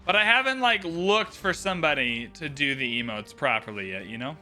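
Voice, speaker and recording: Bright-voiced joking male game commentator. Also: on the high side, expressive, a little fast. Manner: joking, chatty, playful asides. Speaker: livestream host and commentator. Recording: game music behind.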